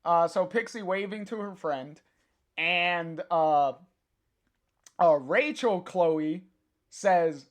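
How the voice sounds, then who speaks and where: A slow, unhurried live-stream host reads a comic aloud and talks straight to viewers in the chat. The delivery halts often, with plenty of filler sounds and restarts. The pitch sits in a middle range. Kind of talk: casual live-stream read-along.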